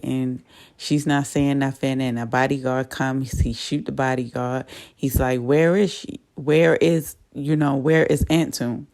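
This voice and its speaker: Low-voiced woman recapping a TV show. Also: dark tone. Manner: chatty, voices the characters' lines while retelling. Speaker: TV episode recapper. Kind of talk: casual plot retelling.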